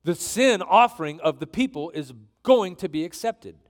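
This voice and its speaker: Animated joking preacher man. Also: high-pitched, moderate pace. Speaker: pastor. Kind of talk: sermon.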